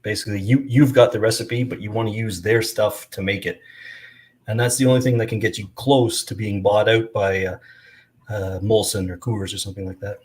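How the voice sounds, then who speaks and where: A man hosts a casual beer chat in a relaxed, conversational manner. His voice sits fairly low. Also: fairly quick. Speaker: host.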